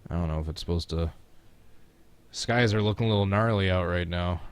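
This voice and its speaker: Give me a low-pitched man rambling through casual live-stream commentary from home. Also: brisk, clean tone. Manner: chatty and rambling, reacting to chat and the game. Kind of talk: casual live-stream commentary while playing a racing sim.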